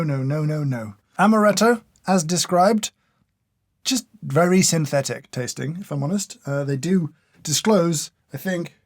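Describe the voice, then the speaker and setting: A man giving casual taste-test commentary in a dry, sardonic, mock-exasperated way. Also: a little high. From United Kingdom. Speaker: coffee reviewer.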